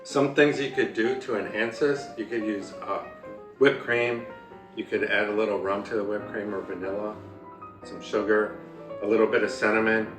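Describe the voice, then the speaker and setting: A pastry chef from Michigan, giving serving tips in a relaxed, offhand way. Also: male voice, fairly low pitch, moderate pace. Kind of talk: casual chat. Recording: echoey room, mic at a distance, music behind.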